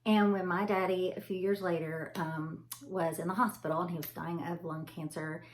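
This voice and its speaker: A woman's voice: lowish voice, fairly even intonation, normal speed. A woman telling a personal family story to her viewers, heartfelt and emotional, with a loose, rambling delivery full of fillers.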